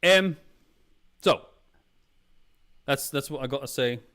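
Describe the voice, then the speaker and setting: A man chats casually to his stream viewers, rambling and restarting with plenty of fillers. He keeps calling them "Mama". His voice is smooth and clear and sits at a middle pitch. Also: slow, fairly bright tone. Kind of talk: casual review chat.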